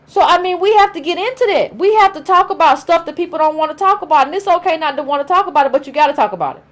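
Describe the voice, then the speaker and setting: A woman's voice: very high-pitched, animated, rapid-fire. A woman with an African American accent giving an emphatic opinion monologue, repeating her points and acting out imagined quotes. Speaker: political commentator vlogger.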